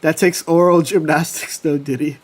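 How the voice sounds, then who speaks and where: A man chatting casually with his livestream viewers, telling personal stories with lively swearing. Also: fairly high pitch, moderate pace. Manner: animated storytelling, swears casually. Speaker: streamer.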